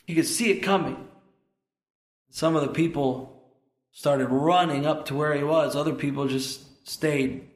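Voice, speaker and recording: A man preaching a sermon as pastor, impassioned and building to shouted peaks. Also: on the high side, steady tone, unhurried, echoey room.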